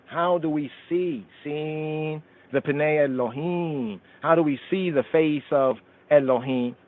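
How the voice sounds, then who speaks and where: A man's voice: on the high side, slow pace. A man hosting a radio scripture study, reciting verses in Amharic and Hebrew and explaining them word by word. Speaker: radio show host teaching scripture. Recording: phone-line call-in radio sound.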